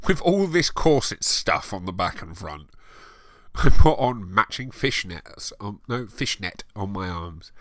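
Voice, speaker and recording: A man's voice: low voice, a bit bright, dry recording. A man giving a comedic reading of a bad story, breaking off for sarcastic, sweary, exasperated asides. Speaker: reader and commentator. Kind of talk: comedic dramatic reading with commentary.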